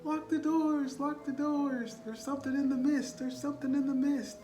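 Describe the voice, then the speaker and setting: A man's voice: sits high, fairly even intonation, quick pace, music in the background, voice pushed up. A man voicing a panicked old man with a bloody nose, frantically repeating warnings. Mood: frantic. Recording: roomy echo, distant mic.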